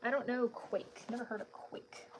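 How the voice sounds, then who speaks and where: A woman's voice: a little high, fairly even intonation, moderate pace, slight background noise. Chatty woman streaming art at home. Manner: chatty, laughs often, greets viewers; keeps her voice down so her family is not disturbed. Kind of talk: casual live-stream chat while drawing. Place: at home at night.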